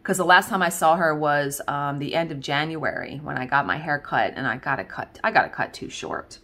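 Working on a craft, this video host chats casually with her viewers in a low, pushed, bright voice at normal speed. She rambles, filling her talk with fillers and laughter.

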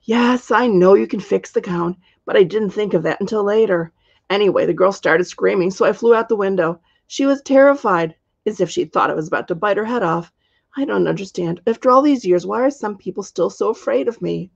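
A woman's voice: medium pitch, a little fast, creaky, slightly rough. A woman voicing an earnest young princess who turns into a dragon, in a dull lo-fi recording. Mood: upset. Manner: earnest, puzzled complaint.

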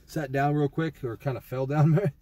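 A man's voice: on the high side, fairly even intonation, moderate pace, dark tone. A young man casually rambling through a trip report, swearing often and full of fillers and restarts. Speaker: vlogger.

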